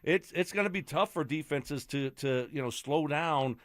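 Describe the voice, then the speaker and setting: A man's voice: a little high, normal speed, dry recording, clean studio sound. A man co-hosting a sports radio show, talking casually through his thoughts. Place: radio studio.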